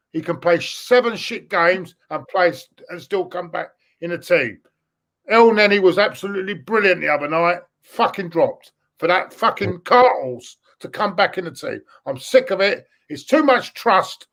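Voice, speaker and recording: A high-pitched man venting as a frustrated football fan, swearing and hammering his points home. He repeats himself for emphasis, and his voice sits noticeably high for a man. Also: a bit bright. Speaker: fan pundit. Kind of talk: angry fan chat.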